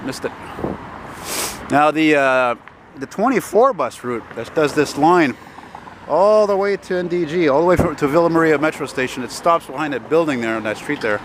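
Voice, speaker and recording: A man's voice: a little high, expressive, moderate pace. Rambling, chatty Montreal man in his forties, street vlogger walking and talking to camera, light street noise. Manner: rambling, chatty, swears casually, many fillers. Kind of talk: casual walking monologue. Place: outdoors on a city street.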